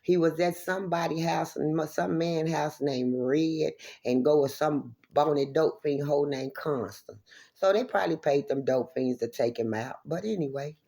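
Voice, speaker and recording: Addressing her viewers straight to camera, a woman vents in an angry, confrontational rant, swearing heavily and repeating herself. Her low voice is creaky and mellow, at a moderate pace.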